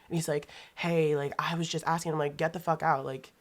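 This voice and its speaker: Young woman w a low voice, animated, swearing a lot, acting out quotes. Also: quick pace, few pauses. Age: young adult. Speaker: podcast guest. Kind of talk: casual storytelling.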